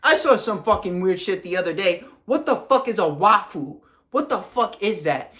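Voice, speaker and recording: A man's voice: high voice, expressive, normal speed, sharp tone. Young man, fitness coach, ranting to camera, blunt, profane, confrontational.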